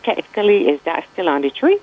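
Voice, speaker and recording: A woman's voice: fairly low pitch, big pitch swings, fast. A woman in her sixties with a Barbadian accent, calling in to a radio show, chatty and giggly. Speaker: caller. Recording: dull phone line.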